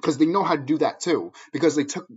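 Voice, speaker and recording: A man's voice: on the high side, fast talker, darkish tone, slightly rough. A man ranting at viewers in a profane, angry, preachy monologue, heard on a dull lo-fi recording. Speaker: vlogger.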